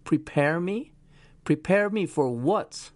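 A man's voice: on the high side, animated, slow pace, dry recording, voice pushed up. Man doing a frightened hospital patient.

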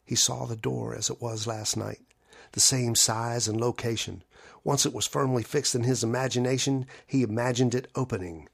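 A man narrating a horror story in a measured, low-key way. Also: fairly even intonation, vocal fry, husky.

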